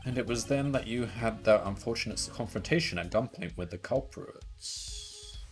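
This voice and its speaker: A man's voice: medium pitch, lively intonation, normal speed, soft background music, natural voice. A man reading as a cool probing prosecutor. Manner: probing, questioning.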